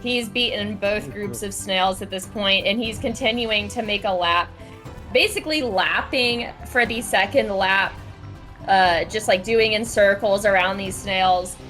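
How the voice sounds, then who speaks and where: A woman's voice: medium pitch, measured pace, fairly bright tone, faint music behind. A woman narrating as game master in a loose, giggly way, full of "like" fillers.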